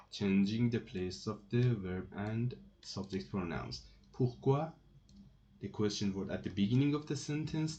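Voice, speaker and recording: Slow, mellow-voiced man teaching French. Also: medium pitch, slight background noise. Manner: slow and repetitive, restarting phrases often. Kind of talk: slow explanatory lesson. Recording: dull lo-fi recording with keyboard typing.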